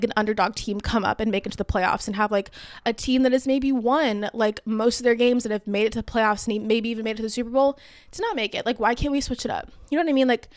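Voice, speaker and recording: A woman's voice: on the high side, dry recording. A young woman hosting a podcast, casually explaining a topic in a chatty, self-deprecating way with plenty of fillers. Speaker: podcast host.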